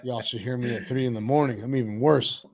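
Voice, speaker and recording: A man's voice: medium pitch, fast talker, darkish tone. A man co-hosting a live show, joking in short quips with his morning voice. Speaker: co-host. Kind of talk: casual live-stream chat.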